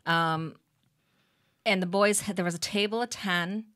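A woman's voice: medium pitch, steady tone, unhurried, fairly bright tone. A middle-aged woman, a band member's mother, chatting casually in an interview and finishing others' sentences.

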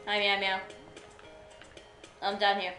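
A woman streamer chatting playfully while gaming, with bursts of excitement. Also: mid-range voice, slow, roomy sound, over music, poor audio. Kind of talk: casual gameplay chat.

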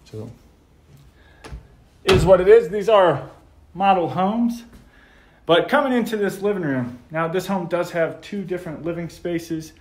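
Filming his way through a model home, an American man with a slightly higher-than-average voice gushes over each room. He's expressive and unhurried, casual and upbeat like a friendly vlogger, with a little background noise.

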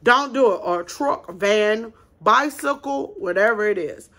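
Bright-voiced blunt woman host. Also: medium pitch, expressive, a little slow. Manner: emphatic, blunt, talks straight to viewers as "you guys". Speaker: small business owner, vlog host. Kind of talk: casual advice chat.

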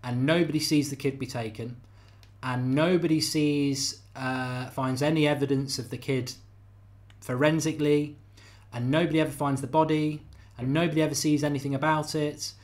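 A man's voice: a little high, fairly even intonation, normal speed. A middle-aged man hosting a live podcast debate, talking animatedly and repeating phrases for emphasis while reading out viewer comments. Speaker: podcast host.

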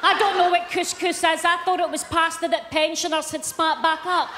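A middle-aged Glaswegian Scottish woman doing a brash live stand-up routine and shouting punchlines to a big crowd in an arena. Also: extremely high pitch, flat delivery, moderate pace, a little hiss or hum. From Scotland. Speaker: stand-up comedian. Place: large arena, live charity concert. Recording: echoey arena with loud crowd.

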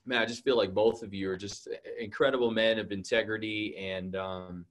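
A man's voice: on the low side, fairly even intonation, moderate pace. A man hosting a church event interview, speaking earnestly with many fillers. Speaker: church host. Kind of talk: hosted interview.

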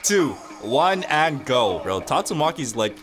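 A young man hosting a gaming video, giving excited, trash-talking commentary on a fighting match and yelling at big moments. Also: medium pitch, unhurried, over music.

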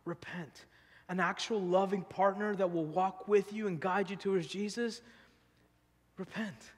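A man preaching as pastor from a church stage, mixing scripture with casual, animated stories and frequent laughter. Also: high voice, slightly rough, long reverb tail. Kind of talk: sermon with personal storytelling.

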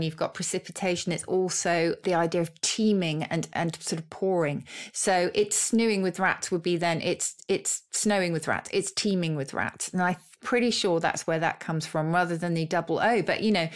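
A woman co-hosting a podcast, explaining word origins in a warm, chatty way and laughing easily. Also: fairly low pitch. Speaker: podcast co-host, word expert. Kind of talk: casual chat about words.

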